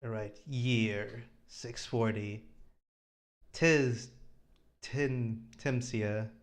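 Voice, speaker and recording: A man's voice: mid-range voice, steady tone. Man, mid-range voice, playful, laughs often, casual host. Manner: joking, quick asides, laughs a lot. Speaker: podcast host. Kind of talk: casual comic read-along.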